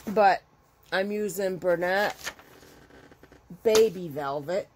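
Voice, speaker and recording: A woman's voice: lowish voice, slow pace, a little hiss or hum. A middle-aged woman chatting casually as a crochet vlogger at home, rambling and emotional as she talks. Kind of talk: casual chat. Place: home with her dogs.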